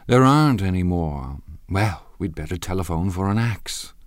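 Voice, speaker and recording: A man reading an audiobook, voicing a fretful, sharp-tongued young woman in a raised, imperious tone. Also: sits low, animated, normal speed, dry recording. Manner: peevish, imperious. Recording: dry close studio sound.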